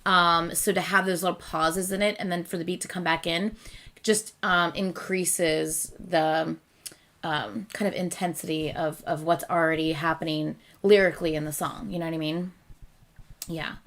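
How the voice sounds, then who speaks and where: A woman's voice: fairly low pitch, fairly even intonation, normal speed, a bit bright. A woman hosting a reaction video, talking casually and rambling with lots of fillers, often laughing at herself. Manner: chatty, rambling with many fillers; self-deprecating, laughs often.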